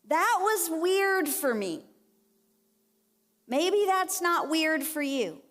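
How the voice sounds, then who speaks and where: A woman giving a conversational, animated sermon at a church women's conference and acting out the lines she quotes. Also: extremely high pitch, drawn-out words. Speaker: conference speaker. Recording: long reverb of a church hall.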